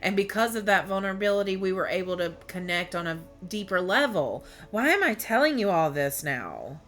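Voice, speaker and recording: A woman's voice: medium pitch, big pitch swings, brisk, a bit bright, faint music behind. A woman tarot reader talking candidly to her viewers in a rambling, emotional way, often restarting her sentences. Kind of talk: candid personal storytelling to viewers.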